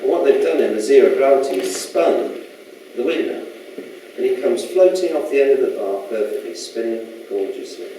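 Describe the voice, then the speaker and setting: A man speaks in a dark, mellow voice. He gives a loose, chatty lecture and keeps asking his listeners questions. The sound comes from far off in a very echoey hall with faint noise. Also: mid-range voice, expressive, normal speed. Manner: rambling, chatty, asks the audience questions. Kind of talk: casual public talk. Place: lecture room.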